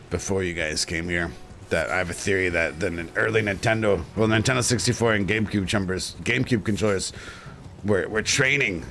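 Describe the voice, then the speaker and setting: A man's voice: fairly low pitch, fairly bright tone, a little hiss or hum. A man streaming live and chatting casually with his viewers, blunt and crude, joking and ranting. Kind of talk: casual livestream chat.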